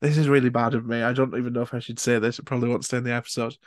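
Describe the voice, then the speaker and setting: A man's voice: mid-range voice, little pitch movement, very fast, no echo. A man from Scotland hosting a podcast, chatting casually, laid-back and sweary. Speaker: podcast host. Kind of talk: casual interview chat.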